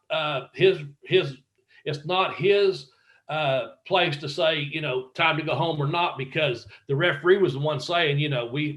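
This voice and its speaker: A former wrestler telling stories in a casual interview, swearing freely and acting out what other people said. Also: male voice, on the high side. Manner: profane, animated storyteller acting out quotes. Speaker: guest, former pro wrestler.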